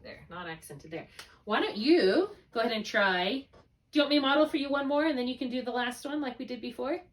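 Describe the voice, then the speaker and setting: A woman's voice: on the high side, animated, fast talker, far from the mic. A woman tutoring one student in spelling, patiently thinking aloud through each step. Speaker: reading tutor.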